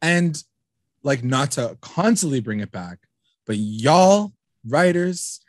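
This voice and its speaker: A podcast co-host chatting casually about a TV episode. The voice sits at a middle pitch, and the talk is animated, full of swearing and raised-voice quotes of characters. The sound is dry and close to the mic. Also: slow pace, dry recording. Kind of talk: casual recap chat.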